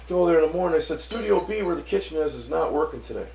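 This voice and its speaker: Gravelly Detroit chef telling stories. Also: male voice, fairly high pitch, racing, poor audio. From Detroit, USA. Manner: animated storyteller, acts out voices, swears casually. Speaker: restaurant owner and chef. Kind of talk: casual storytelling interview.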